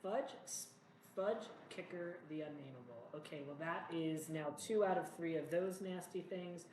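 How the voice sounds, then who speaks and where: In a home room, a man hosts and talks through a solo board game playthrough, chatty and rambling, tossing jokey asides to himself. His voice is fairly high and a little mellow at a moderate pace, in an echoey room with faint noise.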